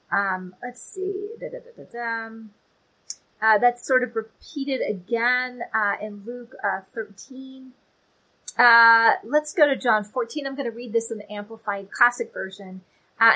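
A woman giving a casual, chatty Bible teaching, animated and playful with asides. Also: on the high side, low-quality recording.

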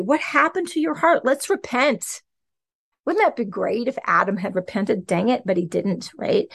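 A woman teaches scripture on her podcast in a relaxed, conversational way. She talks with animated energy and keeps checking in with her listeners. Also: on the high side, moderate pace, creaky, slightly rough. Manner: animated, conversational, frequent "okay" and "right". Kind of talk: casual Bible teaching.

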